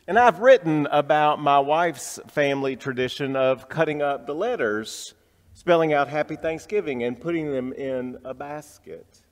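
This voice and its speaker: Male pastor, reflective storytelling sermon, slightly high voice, long reverb. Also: moderate pace. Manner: storytelling, reflective, drops soft for tender moments.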